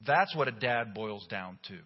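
A middle-aged man, a pastor, delivering a sermon with humorous, animated storytelling. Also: fairly low pitch, normal speed. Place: church sanctuary. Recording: dull recording with long hall reverb.

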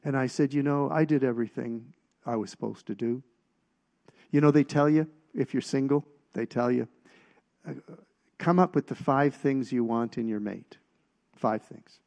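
A middle-aged man preaching a personal testimony, telling stories with halting restarts and getting louder at the punchlines. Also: medium pitch, creaky. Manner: storytelling, halting restarts, rises in volume at punchlines.

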